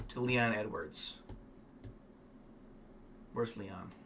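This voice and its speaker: A man giving casual, rambling, opinionated fight commentary, swearing often and filling pauses with ums. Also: medium pitch, very animated, pushed and bright, a little hiss or hum. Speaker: MMA fan vlogger.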